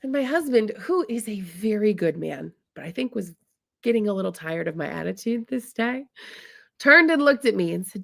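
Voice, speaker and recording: Animated and at a moderate pace, this woman speaks at medium pitch with vocal fry and a fairly bright tone. A married adult from the US Midwest, she tells a funny story about herself in a chatty, comic manner, regularly calling her audience "y'all."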